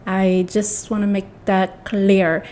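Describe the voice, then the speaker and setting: A woman's voice: medium pitch, flat delivery, slow pace, darkish tone. A young woman with a mixed accent, telling a rambling, blunt story to camera in a casual vlog. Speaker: vlogger.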